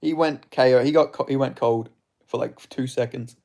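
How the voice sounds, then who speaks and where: Excitable man doing fight watch-along commentary. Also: medium pitch, moderate pace, creaky. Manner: excitable, swearing, chatty with viewers. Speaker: streamer.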